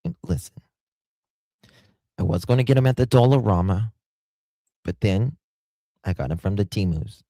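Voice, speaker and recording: A man voicing a brash, rambling woman who pitches gag gifts as a show sponsor. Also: normal speed, pauses often, mellow, dry recording, studio quality, close to an everyday voice. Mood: chatty. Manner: rambling, blunt.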